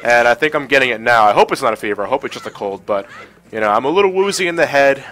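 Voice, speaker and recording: A man's voice: medium pitch, expressive, rapid-fire, pushed and bright, rough recording. A man with a stuffy cold, casually commenting on a game livestream, chatty and reading the chat aloud. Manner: chatty, laughs often, reads chat aloud. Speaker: livestream host.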